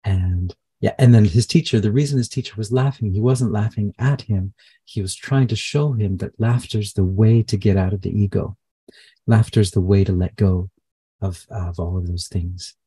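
A man channeler in a live session, speaking haltingly with many fillers and restarts. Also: lowish voice, dark tone, husky, no room sound.

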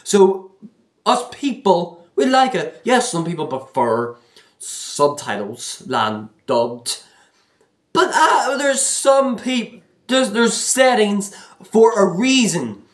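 A man's voice: high voice, very animated, takes it slowly, echoey room. A man ranting casually to camera, exasperated and complaining, rambling and repeating himself with many restarts. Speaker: vlogger.

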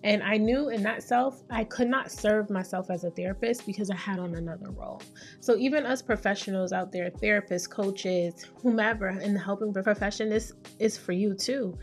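A woman's voice: medium pitch, moderate pace, soft background music. A woman, hosting a casual solo podcast as a therapist and talking candidly and playfully. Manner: candid, playful, acts out quoted voices.

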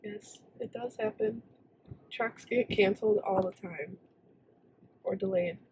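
A young woman friend along on the vlog, talking in dry, deadpan one-liners. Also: medium pitch, measured pace, gravelly, recorded from a distance, slight background noise, rough recording.

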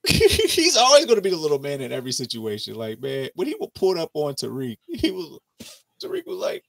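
Animated man ranting about a TV show. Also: medium pitch, fairly quick, gravelly. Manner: animated, profane, mocking. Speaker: TV show review podcast host. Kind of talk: casual chat.

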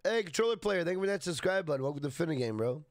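Man streaming a game, casual chat, fairly high voice, dry close sound, laid-back, swears a lot. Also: expressive, rapid-fire, no room sound. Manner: laid-back, swears freely, greets chatters by name. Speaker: gaming live-streamer.

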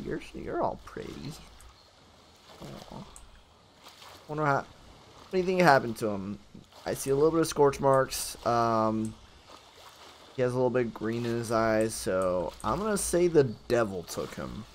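Solo gamer narrating play to themself; lively, swooping delivery at an easy pace, playful, and grumbles when things go wrong. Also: medium pitch, measured pace, pauses often, slight background noise. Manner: talks to self, animated and playful, with gasps and sing-song noises; grumbles and mutters under breath when frustrated. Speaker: solo game streamer. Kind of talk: casual gameplay commentary.

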